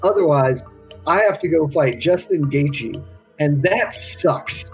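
A cocky male fighter rants with sarcastic indignation, as a man speaks for him in his plain voice. The voice sits slightly high. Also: animated, slow, creaky, faint music behind, full character voice, rough recording. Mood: indignant. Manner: ranting, sarcastic.

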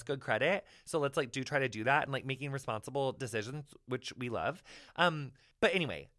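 A man's voice: mid-range voice, bright, forceful tone, no echo, studio quality. A man hosting a podcast who reads ads and introduces the news in an effusive, campy way, full of "like" and "honey". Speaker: podcast host.

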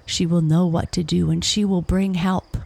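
A woman's voice: little pitch movement, normal speed, vocal fry, darkish tone, slightly rough. A woman voicing a desperate male wolf who begs his false friend to save him. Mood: pleading. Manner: pleading, high and strained. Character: pleading desperate male wolf, trapped and begging.

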